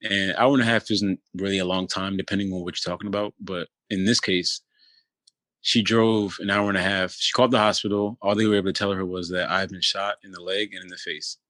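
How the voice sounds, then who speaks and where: A man in his thirties from the Philadelphia area, telling his own story as an interview guest in a halting, loose way full of restarts. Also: low voice, fairly even intonation, sharp tone, no echo. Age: 30s. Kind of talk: telling a personal story in conversation.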